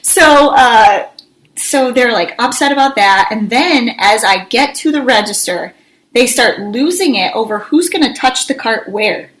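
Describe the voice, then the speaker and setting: A woman co-hosting a casual podcast, telling a story with lively energy and bursts of shouting when she acts out scolding her kids. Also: a little high, unhurried, poor audio. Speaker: podcast co-host.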